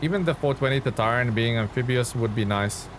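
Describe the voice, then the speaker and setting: Male streamer, young adult, relaxed chatty play-by-play with faint background noise. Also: medium pitch, a little fast. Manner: chatty, reads chat aloud and answers viewers. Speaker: game streamer. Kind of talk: casual live-stream commentary.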